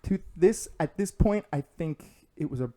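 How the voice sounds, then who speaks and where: A man's voice: fairly high pitch, moderate pace. A man, a podcast guest, telling stories in casual chat, acting out the voices of the people in them and laughing along. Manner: animated, acts out quoted voices with laughs.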